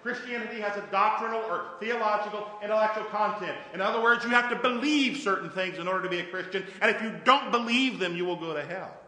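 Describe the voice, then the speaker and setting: A man's voice: high voice, quick pace, hardly any pauses, bright, forceful tone, roomy sound, in a large hall, poor audio. A male pastor preaching a conversational sermon, often asking his congregation questions. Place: church sanctuary.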